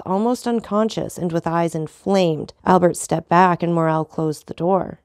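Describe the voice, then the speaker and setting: Woman narrator for a classic novel, gravelly, dry close sound. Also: fairly low pitch, fairly even intonation, a little slow, hardly any pauses, darkish tone, no room sound. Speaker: audiobook narrator. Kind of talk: scripted narration.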